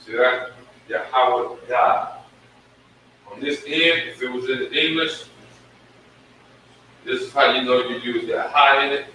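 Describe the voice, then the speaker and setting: A man teaching a live-streamed Hebrew lesson, slowly sounding out syllables at a board. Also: mid-range voice, steady tone, sharp tone, a little hiss or hum. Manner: slow, drawn-out sounding of syllables. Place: room with a whiteboard. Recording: echoey room, mic at a distance.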